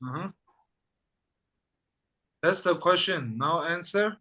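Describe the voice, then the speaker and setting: A man teaching a language class, repeating phrases slowly and patiently. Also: on the high side, sharp tone. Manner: repeats phrases slowly, says "that's it" often. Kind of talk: slow patient language lesson.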